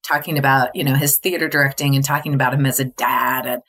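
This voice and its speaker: Bright-voiced woman telling candid stories. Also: extremely low pitch, fairly even intonation, fast talker. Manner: earnest, filler-heavy with frequent likes and you knows; laughs often while telling stories. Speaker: podcast guest. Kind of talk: candid conversational storytelling.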